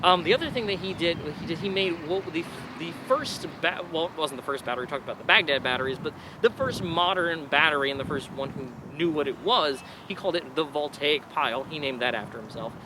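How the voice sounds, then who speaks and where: A man's voice: fairly high pitch, expressive, fast talker, hardly any pauses. Chatty male teacher in street noise. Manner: chatty, digressive, playful asides. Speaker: science teacher. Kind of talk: casual science lesson.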